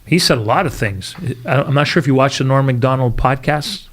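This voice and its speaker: Male podcast host with a middle-pitched voice who keeps things casual and backs the guest up with short agreeing remarks. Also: brisk. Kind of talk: casual interview chat.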